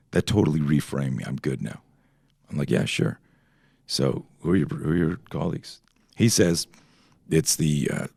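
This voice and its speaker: Very deep, gravelly man telling rambling stories. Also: a little mellow, no echo, studio quality. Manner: profane, rambling, full of tangents. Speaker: podcast guest, self-defense instructor. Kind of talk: casual storytelling chat.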